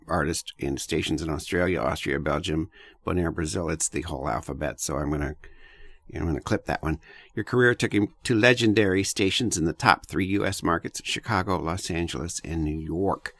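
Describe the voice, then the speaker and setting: A man hosting an interview podcast, speaking in a friendly, halting way with frequent self-corrections. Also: sits low, a bit bright, no room sound. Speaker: podcast host. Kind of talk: casual interview chat.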